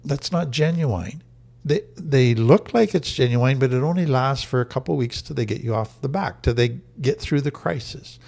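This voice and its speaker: Guy with a gravelly voice teaching about healing, earnest, keeps hammering the main point. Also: mid-range voice, darkish tone. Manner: earnest, emphatic, repeats key phrases. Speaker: trauma recovery teacher. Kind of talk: teaching talk to camera.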